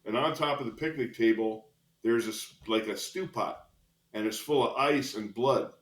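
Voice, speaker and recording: Medium-pitched and speaking at a normal speed, a former police officer in his sixties shares animated tales as a podcast guest. He chuckles between lines, and the audio carries a roomy echo.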